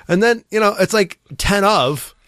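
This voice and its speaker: A man who coaches youth soccer, chatting casually and telling an animated story, acting out other people's lines. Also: high-pitched, measured pace, no echo. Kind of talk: casual chat.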